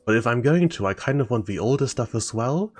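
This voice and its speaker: A man's voice: medium pitch, animated, brisk, breathy edge, faint music behind. A man chatting casually as a streamer while playing a modded game, wry and talkative. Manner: wry, chatty, mildly indignant asides. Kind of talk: casual live-stream chat over gameplay.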